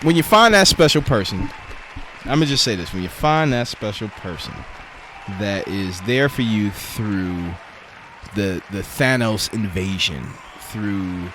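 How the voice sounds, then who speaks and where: A man co-hosting a casual podcast chat, telling stories in an animated way and jumping up in pitch when excited. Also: slight background noise. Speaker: podcast co-host.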